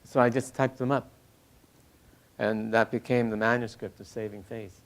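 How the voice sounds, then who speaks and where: Older man, halting reflective talk. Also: medium pitch, steady tone. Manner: halting, many restarts, soft laughs. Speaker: poet and critic interviewee.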